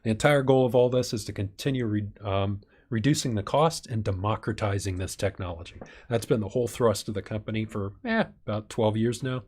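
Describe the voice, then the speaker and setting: A man's voice: fairly low pitch, a little fast, hardly any pauses, a little mellow. A man hosting a live stream Q&A, reading viewer questions and thinking aloud with some fillers. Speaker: channel host.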